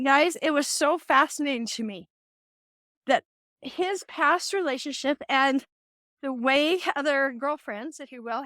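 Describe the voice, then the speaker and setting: A middle-aged woman hosting a podcast, telling a personal story in a chatty, animated way with quoted dialogue. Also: high-pitched, dry recording, clean studio sound. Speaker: podcast host. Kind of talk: casual advice monologue.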